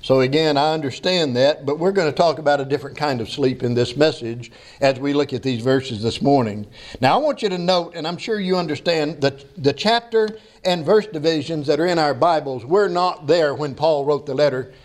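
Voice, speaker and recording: A man's voice: fairly high pitch, moderate pace. A man preaching a sermon to his congregation, reading scripture and then joking with the people in a folksy way. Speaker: pastor. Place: church sanctuary.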